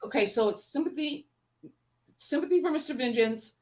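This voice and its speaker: A woman co-hosting a casual live stream, with a slightly high voice. She talks with gushing enthusiasm, swears freely, and strings her thoughts together with "like.". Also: lively intonation, normal speed. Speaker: co-host. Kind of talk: casual livestream chat.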